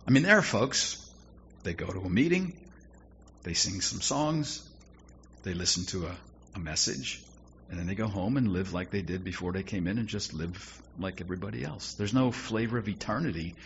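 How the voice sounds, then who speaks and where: Low-ish guy preaching, chatty and joking, kinda muffled lo-fi audio. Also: lively intonation, moderate pace, a bit bright. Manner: conversational preaching with wry humor. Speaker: pastor. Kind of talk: sermon. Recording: dull lo-fi sound with faint noise.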